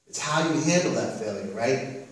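A man's voice: medium pitch, lively intonation, moderate pace. A man preaching a sermon as pastor, earnest and repetitive, often checking in with "right?". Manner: earnest, repeats phrases, asks "right?". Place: church sanctuary. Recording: echoey church hall from far off.

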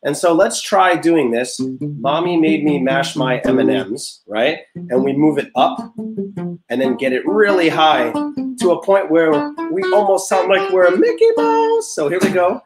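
A young man teaching a music class, leading vocal warm-ups in an upbeat, encouraging way and explaining step by step. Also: high voice, sing-song, measured pace. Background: guitar notes played under the talk.

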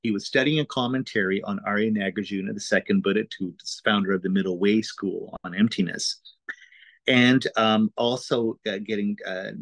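A man's voice: on the low side, no room sound, poor audio. A man teaching an introductory course in a casual, explanatory lecture style, talking informally with frequent "uh"s and "right?"s.

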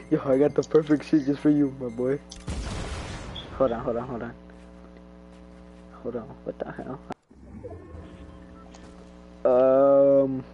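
A man's voice: medium pitch, fairly even intonation, slow, pauses often, background noise. A young man giving casual gameplay commentary while he streams, laughing often and trash-talking playfully. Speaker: gamer streaming his play.

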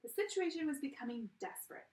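A woman's voice: high-pitched, fast, noisy background. Woman reading a story aloud, echoey. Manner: expressive, lively storytelling. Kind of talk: children's story read-aloud. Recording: roomy, from a distance.

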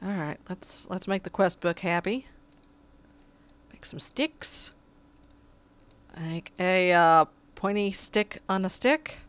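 A woman's voice: on the low side, fairly even intonation, a little slow, few pauses, slight background noise. A woman giving casual, chatty commentary while she plays a video game, talking back to the creatures and getting exasperated. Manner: sarcastic asides. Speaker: gameplay commentator.

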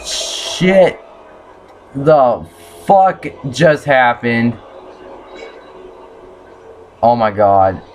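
A man's voice: fairly low pitch, slow, long pauses, darkish tone. A young man commenting on a horror game playthrough, swearing often and yelping when startled. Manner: swears a lot, jumpy and startled. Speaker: gamer.

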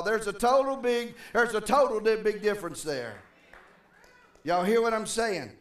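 A man's voice: high-pitched, moderate pace, a little hiss or hum. A middle-aged man, preaching a sermon as pastor and speaking conversationally while calling out to the congregation. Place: church sanctuary. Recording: roomy church from a distance.

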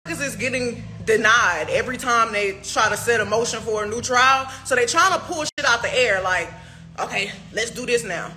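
A woman's voice: fairly high pitch, moderate pace, pushed and bright, faint music behind. A young woman in a heated, profane livestream rant, firing off rhetorical questions. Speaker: artist speaking to fans.

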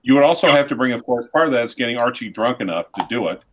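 A man's voice: mid-range voice, expressive, racing, noisy background. A man hosting a casual live stream chat, rambling and restarting his sentences while reading viewer comments.

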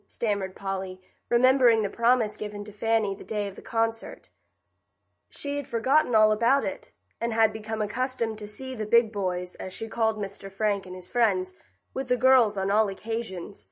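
A woman narrating a classic novel as an audiobook in a measured, even reading style. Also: medium pitch. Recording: slightly dull lo-fi audio.

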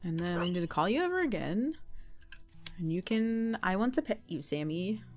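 A woman's voice: lowish voice, big pitch swings, normal speed, a little mellow. Giggly woman chatting over gameplay. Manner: giggly, chatty, talks to game characters. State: slightly sniffly from a runny nose. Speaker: let's play gamer. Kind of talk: casual gameplay commentary. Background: faint game music.

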